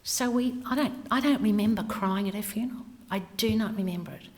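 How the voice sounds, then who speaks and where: A woman's voice: mid-range voice, a little fast, darkish tone. A middle-aged woman giving a candid personal talk, her voice falling to whispers for emphasis. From Australia. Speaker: speaker. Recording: hall with long reverb.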